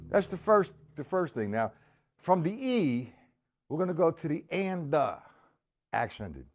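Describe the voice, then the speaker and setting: A man's voice: on the high side, big pitch swings, a little slow, loud music behind the voice. A man giving a casual live-streamed drum lesson and chatting with viewers between exercises. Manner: casual, chatty, reads viewer comments aloud. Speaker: drum teacher. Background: drums played between talk.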